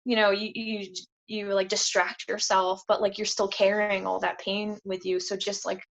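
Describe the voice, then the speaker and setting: A woman's voice: mid-range voice, flat delivery, moderate pace, creaky, fairly bright tone. A woman speaking as a podcast guest in a candid, casual way. She talks earnestly, uses "like" a lot, and acts out quotes in a livelier voice. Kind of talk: candid casual interview talk. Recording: dull lo-fi podcast audio.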